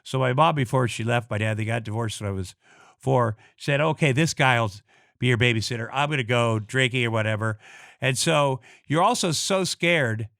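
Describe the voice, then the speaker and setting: In a mid-range, creaky, somewhat bright voice, a middle-aged Iowan guest recounts something from his own life, cursing a lot and speaking bluntly. He stops and restarts constantly, repeating words along the way. The studio-quality sound has no room reverb.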